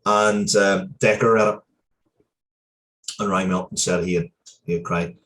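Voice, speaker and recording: Male interview guest, low voice, sincere and emotional storyteller with a halting delivery. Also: level tone, fairly bright tone. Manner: earnest, heartfelt, with frequent hesitations and restarts. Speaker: interview guest, comic book writer.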